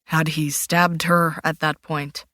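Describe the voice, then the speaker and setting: Woman narrator doing a male detective, low, firm, measured, probing questions, dry close sound. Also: flat delivery, bright, forceful tone, no echo, heavily acted. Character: steady male detective, polite then sharp.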